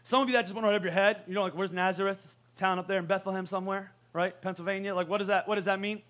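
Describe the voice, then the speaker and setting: A man preaching a sermon as a pastor, conversational and joking, with quick asides to the congregation. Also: sits high, fairly even intonation, fairly bright tone.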